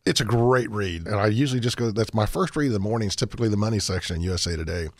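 A man's voice: fairly low pitch, very fast, no room sound. A man, a radio show guest talking in a folksy, rambling way with frequent restarts. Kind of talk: radio talk show interview.

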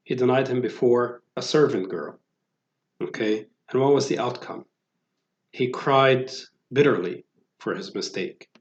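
In an unhurried, medium-pitched voice, a man preaches conversationally, full of fillers and false starts. The sound is lo-fi, roomy, and muffled.

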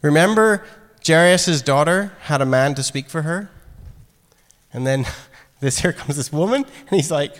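A man preaching a sermon in a casual, animated way, acting out quoted lines. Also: fairly high pitch, a little slow. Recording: long hall reverb.

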